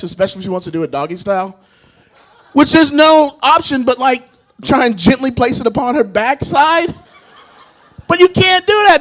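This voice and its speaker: A man with a notably high voice performing stand-up comedy on a club stage. He is self-mocking and animated, and often laughs at his own jokes while speaking into a handheld mic.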